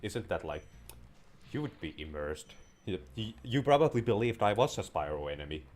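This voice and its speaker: A man's voice: on the low side, big pitch swings, normal speed, a little mellow. A man giving casual, playful gameplay commentary as a gaming video creator, rambling and joking as he plays. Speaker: gaming YouTuber.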